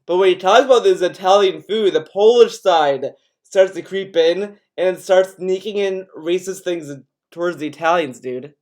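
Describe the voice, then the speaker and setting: A man's voice: high voice, moderate pace, a little mellow. A man from Greece, a streamer giving sarcastic, profane reaction commentary, often laughing.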